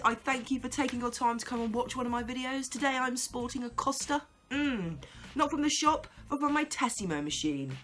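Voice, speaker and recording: Woman, vlogger, sarcastic rant, high bright voice. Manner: exasperated, sarcastic, laughing. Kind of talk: ranting vlog to camera.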